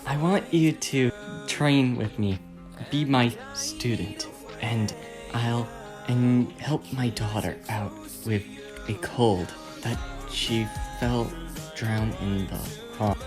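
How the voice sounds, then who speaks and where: A man doing a calm cheerful dojo master. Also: fairly low pitch, takes it slowly, music in the background. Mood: earnest. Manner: soft but confident, cheerful.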